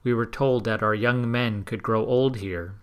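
A man's voice: lowish voice, steady tone, unhurried, clear, resonant tone, lightly acted. A man reading the part of a proud old male tribal elder who speaks in broken, simple English. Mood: insistent.

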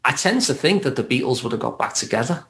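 A man's voice: medium pitch, animated, fast talker, a bit bright. Liverpudlian male guest, mid-range voice, thoughtful and easygoing. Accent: Liverpool (Scouse). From Liverpool, England. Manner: reflective, laughs lightly as he talks. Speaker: podcast guest, therapist. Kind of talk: casual podcast conversation.

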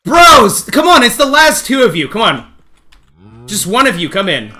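A man streaming a game live, talking excitedly to his chat and coaxing the animals along, often shouting and laughing. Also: very high voice, normal speed. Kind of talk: excited live gameplay commentary.

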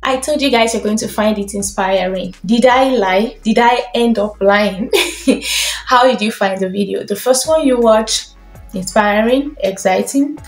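A woman's voice: on the high side, a little slow, reverberant, soft background music. A woman hosting her own channel, speaking straight to her viewers and gushing with repeated, emotional thanks. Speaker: YouTube channel host. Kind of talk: direct-to-camera thank-you message.

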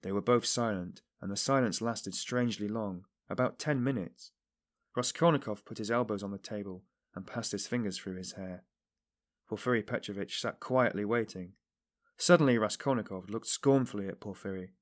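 Male audiobook narrator, low pitch, measured and even. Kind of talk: scripted narration.

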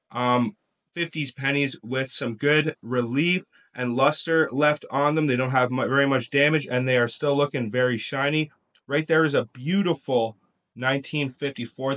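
A man's voice: mid-range voice, fairly bright tone. A man hosting a coin collecting video, casually talking through his finds. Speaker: coin collecting channel host. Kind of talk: casual show-and-tell narration.

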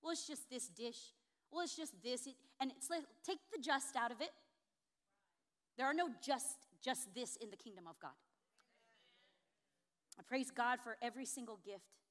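A woman pastor preaching with a notably high voice. Her delivery is expressive, and it rises to emphatic, ringing peaks. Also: moderate pace, pauses often. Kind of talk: sermon.

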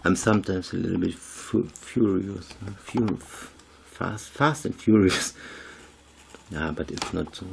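A man's voice: low voice, a little slow, vocal fry, a little hiss or hum. A man, chatting casually through a craft tutorial in broken English, rambling and laughing at himself. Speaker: video maker.

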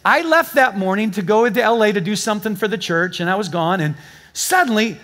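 Pastor with a high, story-driven voice. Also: male voice, brisk, fairly bright tone. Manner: storytelling, joking with the congregation. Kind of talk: sermon. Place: church before a live congregation.

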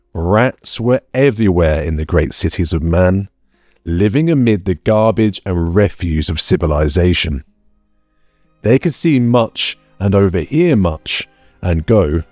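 A male audiobook narrator reading in a measured, expressive way, his deep, dark voice moving through a lively pitch range. The sound is close and dry, with soft music faintly underneath. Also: no room sound. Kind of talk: scripted narration.

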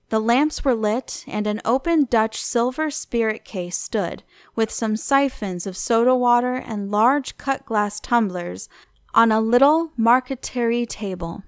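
A woman reading a classic novel aloud as an audiobook narrator, in a measured, clear storytelling manner. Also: mid-range voice, no room sound, studio quality. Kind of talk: scripted narration.

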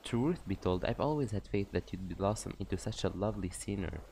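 A man's voice: deep voice, expressive, vocal fry, mellow, slight background noise. A man reading the lines of a sly, mocking female warden in a game, taunting her captives. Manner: taunting, drawn-out questions.

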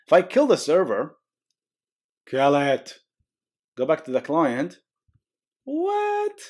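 A man's voice: on the high side, slow pace, a little mellow, husky. A man hosting a casual coding tutorial, walking through code on screen with jokey asides and frequent "okay?" and "guys". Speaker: programming tutorial host.

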